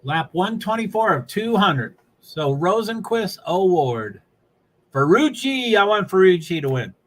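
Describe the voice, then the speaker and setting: A man's voice: high voice, big pitch swings, measured pace, rough recording. A man from New England chatting casually on a livestream, rambling and laughing as he follows a race. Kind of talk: casual live commentary while watching a race.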